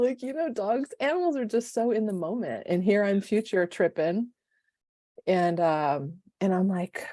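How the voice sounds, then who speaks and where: A middle-aged woman life coach, talking on a podcast at a mid pitch. She is expressive and emotional and rambles through personal stories. The recording is dry and close, with no room sound. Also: unhurried, no echo. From United States. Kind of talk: casual podcast chat.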